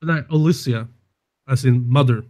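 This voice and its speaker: A man's voice: mid-range voice, normal speed, mellow. A man playing a tabletop game, speaking casually and hesitantly. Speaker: player.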